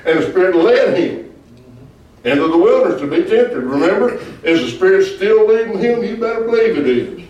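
A male pastor teaching a Bible study, his voice a touch higher than most men's. He preaches emphatically and keeps calling on the group for "Amen?" replies. The sound is very echoey and picked up from far off. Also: big pitch swings, normal speed, darkish tone, muffled recording. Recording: echoey room, far from mic.

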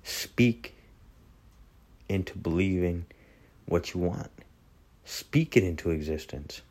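A man's voice: deep voice, animated, slow, darkish tone. A man giving an earnest sermon and leading a prayer, repeating phrases for emphasis. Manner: earnest, preaching with repetition. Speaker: preacher.

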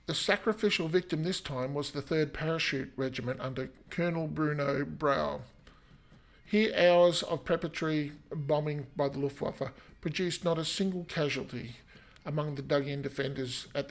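An Australian man hosting a history podcast, narrating in a chatty, self-deprecating way with asides. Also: fairly high pitch. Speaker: podcast host.

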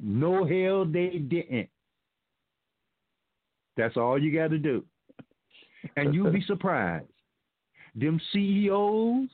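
A man hosting a talk show, reading news out and breaking in with preachy, sarcastic remarks to his listeners. His voice sits a little high and comes through dry and phone-thin. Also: no echo, narrow, tinny audio. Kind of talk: opinionated commentary reading news aloud.

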